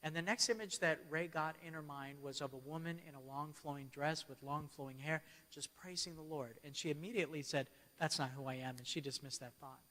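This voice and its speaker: A man's voice: on the high side, a little fast, few pauses, bright, forceful tone. A man giving a church keynote as a storytelling sermon, often checking in with his audience. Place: church hall. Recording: long hall reverb.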